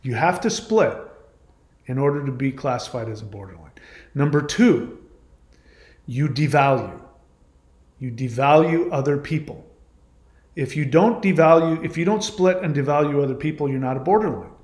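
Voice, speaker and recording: A man's voice: a little high, animated, normal speed, pauses often, a little mellow. A man hosting a channel, delivering a monologue in reply to a viewer comment, emphatic and argumentative, repeating his points. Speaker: channel host. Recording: echoey room.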